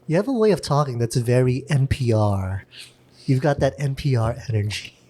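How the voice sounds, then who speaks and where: A man's voice: mid-range voice, lively intonation, normal speed, warm tone, a little hiss or hum. Blunt, self-assured man in his forties. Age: 40s. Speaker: host. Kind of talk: casual conversation.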